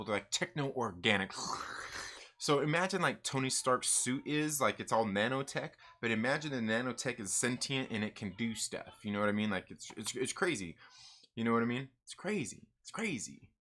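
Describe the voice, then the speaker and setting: A man hosting a comics live stream in a loose, animated way, often repeating himself. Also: mid-range voice. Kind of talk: casual live stream chat.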